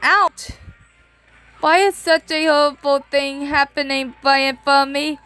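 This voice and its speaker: A woman voicing a whiny, excitable teenage girl heroine who scares easily, with faint music behind. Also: high-pitched, unhurried. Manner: whiny and excitable, prone to cries.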